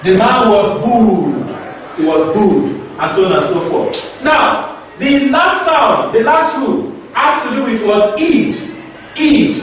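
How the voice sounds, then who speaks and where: Man, high voice, slow, teacher from Nigeria, repeats words, asks and answers himself, distant mic, dull, hissy. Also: very echoey. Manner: repetitive, asks questions and answers them himself. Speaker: English teacher. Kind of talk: classroom lesson on pronunciation.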